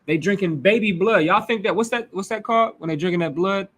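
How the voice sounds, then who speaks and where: Informal Midwestern-accented man preaching, slightly higher-pitched. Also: quick pace, fairly bright tone, slight background noise. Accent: American Midwest. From United States. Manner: loose and informal, talks back and forth with the congregation, frequent restarts. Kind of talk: conversational sermon teaching.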